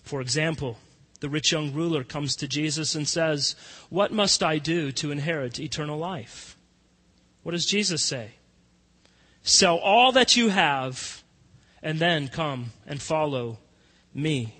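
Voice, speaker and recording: A man preaching a sermon as pastor, emphatic, moving between hushed and loud passages. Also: a little high, unhurried, slightly rough. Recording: long reverb of a church hall.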